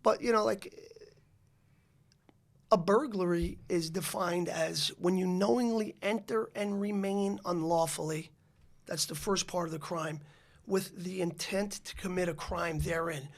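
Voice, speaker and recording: A high-voiced man from the Bronx in New York City speaks a little slowly as a podcast guest. He's telling a long story in a rambling fashion, restarting often and using many fillers, in a casual interview setting.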